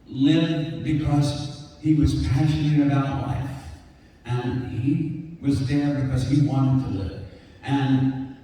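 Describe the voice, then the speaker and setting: A man's voice: mid-range voice, dark tone. An older man answering fan questions at a convention panel, rambling and emotional, at times close to tears. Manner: gruff, rambling, breaks down near tears. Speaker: celebrity convention panel guest. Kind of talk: emotional storytelling Q&A. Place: large convention hall. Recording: echoey hall, captured from far off.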